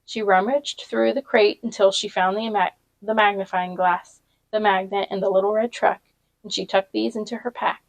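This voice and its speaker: A woman reading a novel aloud in a steady storytelling manner, with small slips and brief asides. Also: medium pitch, moderate pace, vocal fry, poor audio. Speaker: reader.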